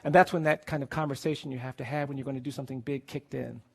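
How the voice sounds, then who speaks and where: A man, a lawyer, telling a personal story in an emotional public speech, earnest and grave, often dropping to a quiet intensity. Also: mid-range voice, fairly even intonation, very fast, creaky, breathy edge.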